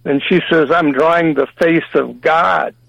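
A man calling in to a radio show to tell jokes, with a slow, steady delivery. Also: fairly high pitch, gravelly, no echo, muffled recording. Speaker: caller. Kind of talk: telling jokes on a call-in.

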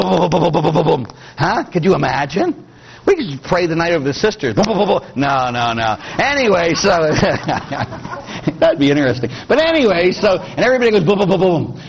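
Husky, animated older priest. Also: male voice, fairly high pitch, low-quality recording. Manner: chatty, animated, frequent "huh?" asides, acts out voices. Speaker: Catholic priest. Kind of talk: storytelling homily.

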